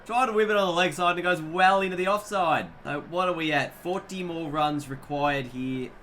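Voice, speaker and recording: A man's voice: a little high, normal speed, a bit bright, a little hiss or hum. A young man giving chatty, self-mocking commentary on his own gameplay. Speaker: gaming YouTuber.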